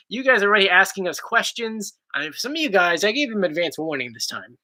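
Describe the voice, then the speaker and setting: A man's voice: sits high, very animated, normal speed, pushed and bright. A man hosting a casual livestream chat, playful and teasing his partner. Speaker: host.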